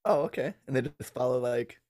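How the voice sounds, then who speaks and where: Male podcast guest, mid-pitched, relaxed conversational tone, quick to laugh. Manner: easygoing, laughs often. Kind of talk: casual chat.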